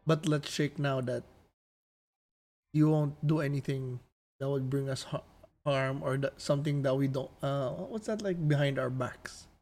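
A man playing a tabletop game, halting and restarting as he lays out plans. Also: medium pitch, darkish tone. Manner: halting, restarting, eager planner. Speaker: player. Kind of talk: tabletop role-play, in and out of character.

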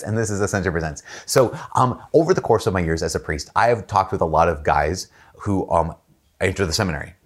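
Low-voiced priest guy talking fast, casual story mode, lots of like and um. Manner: storytelling, jumps up in pitch to act out quoted people; relaxed, chatty, with frequent fillers and restarts. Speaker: Catholic priest. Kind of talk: casual faith talk to camera.

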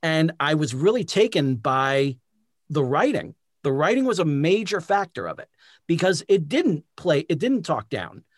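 A man's voice: fairly high pitch, sing-song, moderate pace, no room sound, clean studio sound. A man in his forties hosting an interview, eager and affirming, talking loosely with many fillers. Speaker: interview host. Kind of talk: casual interview chat.

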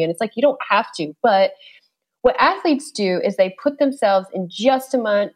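A woman, a yoga instructor appearing as a podcast guest, chatting casually in an animated way and laughing easily. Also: mid-range voice, a little fast. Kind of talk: casual chat.

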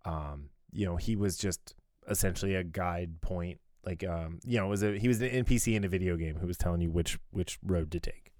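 A podcast co-host with a low, darkish voice talks fairly quickly, with no echo and clean studio sound. He keeps it casual, rambling through many fillers and restarts and laughing frequently.

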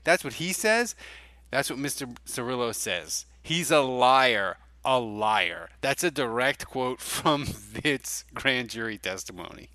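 A man's voice: mid-range voice, animated, measured pace, pushed and bright, no echo. A man co-hosting a casual sports podcast, blunt and jokey, laughing often. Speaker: podcast co-host.

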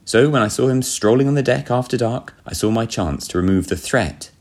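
A man voicing a breezy, coolly unbothered young gentleman spy with an airy, genteel, offhand manner. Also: medium pitch, brisk, pitched above the performer's own voice, close to an everyday voice.

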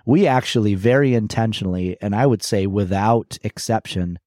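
A man's voice: on the low side, moderate pace, a little mellow, no echo, studio quality. A middle-aged man co-hosting a podcast, telling personal stories in a reflective, candid way with frequent restarts. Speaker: podcast co-host. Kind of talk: casual conversational podcast chat.

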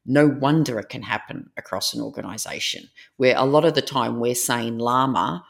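Woman with a gravelly, creaky voice. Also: a bass voice, normal speed. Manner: lively storyteller with frequent fillers. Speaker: author and presentation trainer, guest. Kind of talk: interview conversation.

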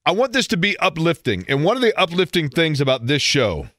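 A man, hosting a sports radio show and telling stories in a casual, animated way. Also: on the high side, fairly quick, no room sound. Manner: storytelling, animated in quoted bits.

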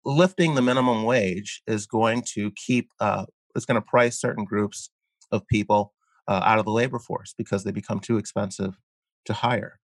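A man speaking as a guest in an interview, explaining his views earnestly while halting often with fillers and repeated words. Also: lowish voice, steady tone, no room sound. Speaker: guest columnist. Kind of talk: conversational interview.

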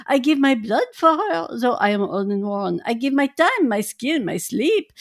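A woman reading the part of a grieving old male professor who speaks in halting, broken English and laughs through his lines. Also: sits high, vocal fry, heavily acted. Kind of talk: dramatic reading aloud.

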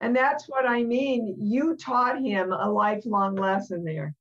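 Slow-spoken older woman guest, dull audio. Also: mid-range voice. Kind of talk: casual chat.

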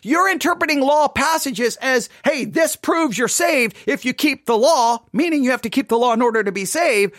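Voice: high voice, animated, moderate pace, hardly any pauses, a bit bright, dry recording, clean studio sound. A commentator reacting to a sermon clip with emotional, exasperated ranting and sarcastic mimicry.

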